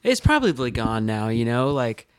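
Animated laughing man telling stories. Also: mid-range voice, normal speed, clear, resonant tone. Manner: animated storyteller, laughs often, acts out voices. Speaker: podcast co-host. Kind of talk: casual comedic chat.

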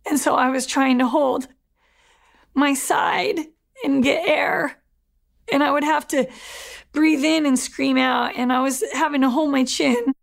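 A woman's voice: high-pitched, fairly even intonation, measured pace, creaky. A woman telling the story of a violent attack she survived, speaking earnestly in a documentary interview. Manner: earnest, reliving events, with plain spoken retelling.

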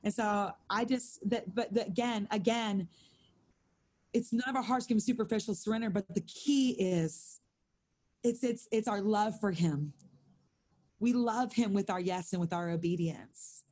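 A woman's voice: mid-range voice, a little slow, darkish tone. A woman leading a Bible study prayer over a video call, earnest and fervent, often repeating her phrases.

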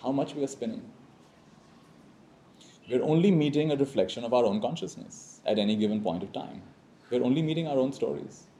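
Before a live audience, a man gives a reflective spiritual talk in a warm, mellow, medium-pitched voice, leading call-and-response phrases and often checking in with a quick "right?". There is a little hiss or hum in the recording.

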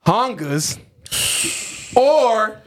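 A man's voice: high voice, sing-song, dry recording. A young man hosting a casual chat, firing off this-or-that questions in a teasing, joking way. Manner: teasing, quick to laugh. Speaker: podcast host asking the questions.

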